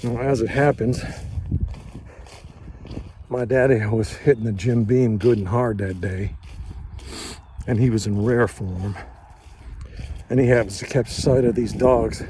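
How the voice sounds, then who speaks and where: An older man telling a first-person story in a slow, measured, plainspoken and folksy way. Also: mid-range voice, warm tone, a little hiss or hum.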